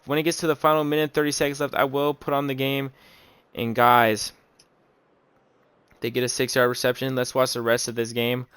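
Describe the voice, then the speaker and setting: A young man calling his own football video game, nervous and excited, swearing and saying "man" and "bro" a lot. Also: medium pitch, brisk, pauses often, smooth, no room sound. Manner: hyped, anxious play-by-play, swears, says "man" and "bro" a lot. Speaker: gaming YouTuber. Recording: game music playing loud underneath. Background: video game music.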